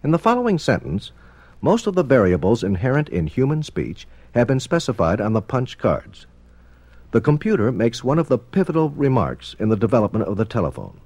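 A man narrating a formal documentary in a measured, explanatory manner. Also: medium pitch, slightly rough, dry recording. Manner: measured, explanatory, expressive intonation.

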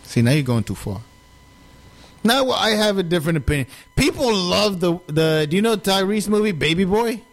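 A man's voice: high voice, expressive, normal speed. A young man in casual chat, blunt and joking, swearing often.

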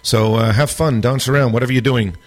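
A man hosting a radio show, hoarse after a big night out, chatting loosely with lots of fillers. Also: mid-range voice, steady tone, fairly quick. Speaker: radio DJ host. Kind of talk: casual radio show banter. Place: radio studio.

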